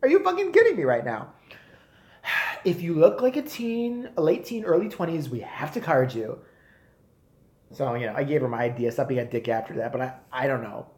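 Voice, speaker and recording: A man in his forties ranting on a live stream, profane and animated. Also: medium pitch, normal speed, roomy sound. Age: 40s. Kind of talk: casual rant.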